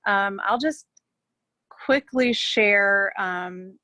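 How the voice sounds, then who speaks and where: Bright-voiced woman on a video call. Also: medium pitch, drawn-out words, no room sound. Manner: emotional, hesitant, many fillers. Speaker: guest on a group video call. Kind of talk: casual conversation over video call.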